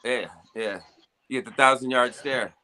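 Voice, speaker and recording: A man's voice: medium pitch, fairly even intonation, normal speed, bright, forceful tone, clean tone, low-quality recording. A man hosting an armwrestling talk show, telling stories in a loose, profane, filler-heavy way. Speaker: armwrestling show host and competitor. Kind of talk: casual chat.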